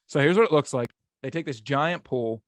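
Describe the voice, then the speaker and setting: A man's voice: medium pitch, no echo. Rambling, chatty male podcast host. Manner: chatty and rambling, stumbles over words. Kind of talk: casual chat.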